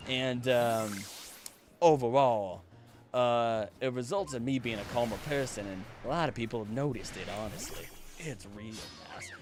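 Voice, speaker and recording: A man streaming a game and chatting casually, rambling and animated, now and then slipping into playful voices. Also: medium pitch, moderate pace, soft background music. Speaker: streamer and voice actor.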